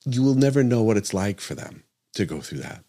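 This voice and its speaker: A man's voice: on the low side, sing-song, brisk, warm tone. A middle-aged man, a doctor hosting a podcast, talking earnestly and emphatically, repeating his points and correcting himself aloud. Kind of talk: podcast monologue.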